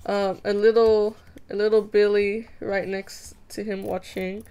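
A woman's voice: mid-range voice, little pitch movement, unhurried, mellow, clear, resonant tone. Giggly young woman streamer chatting casually. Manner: playful, giggly, self-mocking, mock-dramatic. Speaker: streamer drawing fan art. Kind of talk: casual live-stream chat while drawing.

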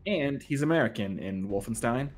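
A man's voice: animated, normal speed. A man co-hosting a game live stream in casual chat, joking around and reading chat suggestions aloud. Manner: joking, pitches ideas, reads chat aloud. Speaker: streamer co-host.

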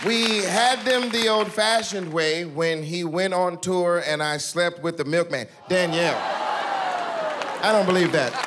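A man's voice: high-pitched, a little slow, few pauses. A man on stage delivering roast jokes in a playful manner, breaking off with mock-shocked asides. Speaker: comedian stepping in at a roast. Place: stage before a live audience. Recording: loud live crowd noise.

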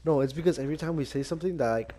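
A man's voice: on the high side, rapid-fire, a crowd in the background. A young man chatting casually while gaming with a friend, swearing often and laughing as he mimics his buddies. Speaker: gaming channel host.

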